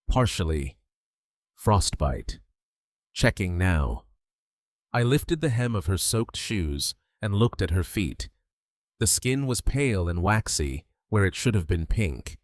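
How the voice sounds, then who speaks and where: An older man narrating a first-person story in a slow, steady, measured way. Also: fairly low pitch, no echo, studio quality.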